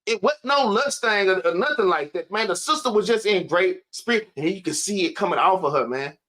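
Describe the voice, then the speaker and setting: Guy preaching to a class, high bright voice, keeps saying "man", kinda out of breath. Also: expressive, a little fast. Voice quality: casual preaching, repeats "man" at line ends. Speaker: teacher. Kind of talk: sermon.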